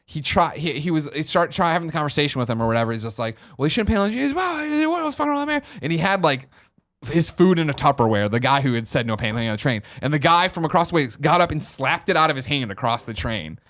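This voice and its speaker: An American man telling a story on a casual podcast, acting out the quoted lines with sudden loud outbursts. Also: a little high, lively intonation, fast talker. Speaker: podcast host.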